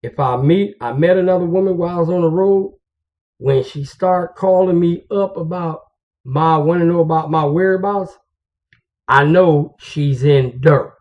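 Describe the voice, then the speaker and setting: A man, a truck driver, telling stories and giving advice to fellow drivers in a casual, slangy, confiding way. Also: a little high. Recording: dull lo-fi recording.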